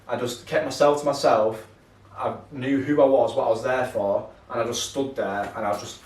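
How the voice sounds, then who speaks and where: A podcast co-host in his 20s tells a long, rambling story full of swearing, tacking "yeah" onto his lines in casual chat. His voice sits at a medium pitch, a little mellow, with fairly even intonation and a normal pace. The mic is set far off, so the recording sounds roomy.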